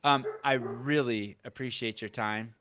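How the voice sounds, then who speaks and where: A man's voice: mid-range voice, fairly even intonation, a little slow, pushed and bright, a little hiss or hum. A man in his forties hosting a podcast, chatting casually in a blunt, joking, profane way. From Armenian heritage. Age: 40s. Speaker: podcast host.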